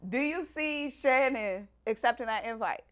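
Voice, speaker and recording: A woman's voice: on the high side, animated, moderate pace, fairly bright tone. Woman hosting a sports show, chatty and playful, asks a lot of questions. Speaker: host. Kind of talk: casual sports debate.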